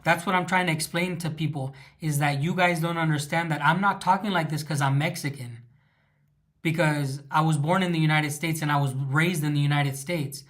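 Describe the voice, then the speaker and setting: A fairly high, steady, a-bit-bright voice at normal speed belongs to this livestream host, a Southern Californian with a Chicano English accent who lives in Russia. Taking viewers' questions casually, he rambles, restarts sentences, and says um many times.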